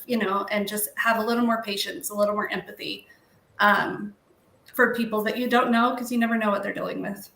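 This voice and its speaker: A woman with a bright, sharp voice speaks on a panel as the mother of an autistic child. She is heartfelt and emotional and pauses often. The room around her echoes. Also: mid-range voice, fairly even intonation. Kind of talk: casual panel discussion.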